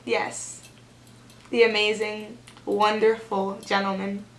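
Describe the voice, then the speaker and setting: A young woman vlogger telling a story in a casual, animated, sarcastic way, filling her talk with "like.". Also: mid-range voice, slow pace, slight background noise. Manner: animated and sarcastic, heavy use of "like". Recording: echoey room.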